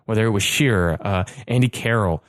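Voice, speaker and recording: A man hosting a casual podcast, talking quickly and eagerly, often tripping over his words. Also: lowish voice, dry recording, studio quality. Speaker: podcast host. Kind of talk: casual chat.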